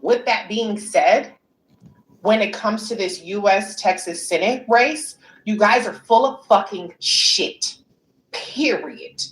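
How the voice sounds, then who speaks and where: Forceful, swearing female political commentator. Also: medium pitch, slow, reverberant, rough recording. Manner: forceful, profane, emphatic.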